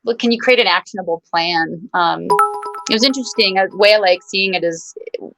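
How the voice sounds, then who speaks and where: A woman guest singer talking earnestly and thoughtfully in an interview, in measured, encouraging phrases. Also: medium pitch, a bit bright, faint music behind, poor audio. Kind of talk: reflective interview talk.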